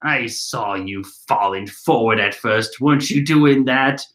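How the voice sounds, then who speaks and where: A man's voice: medium pitch, unhurried, fairly bright tone, voice pushed down, close to an everyday voice. A man doing a suspicious accusing girl. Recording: roomy echoey room.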